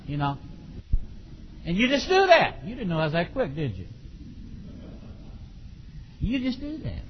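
A man preaching a sermon on raising children, acting out parents and children and bursting into shouts. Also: fairly high pitch, wildly swooping pitch, a little slow, long pauses, highs cut off, background noise.

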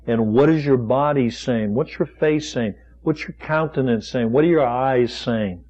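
Male preacher, mid-pitched, folksy and questioning, slightly dull lo-fi recording. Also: a little slow, darkish tone. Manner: rhetorical questions, folksy asides. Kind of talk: sermon.

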